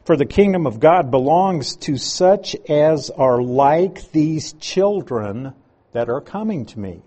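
Slow, husky-voiced male Bible teacher. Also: a little high, expressive, warm tone. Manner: reads scripture aloud and explains Greek words.

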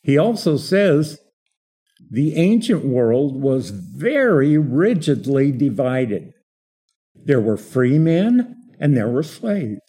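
A man's voice: mid-range voice, sing-song, takes it slowly, mellow, husky. A man preaching an expository sermon, explaining a passage and asking rhetorical questions.

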